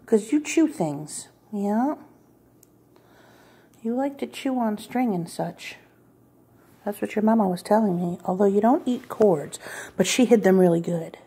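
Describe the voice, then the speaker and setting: Cooing woman with a gravelly, husky voice. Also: mid-range voice, warm tone. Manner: coos and baby-talks, sometimes dropping to whispers. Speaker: cat sitter. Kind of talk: talking to a cat while filming. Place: client's home, indoors. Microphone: phone camera pointed at the floor.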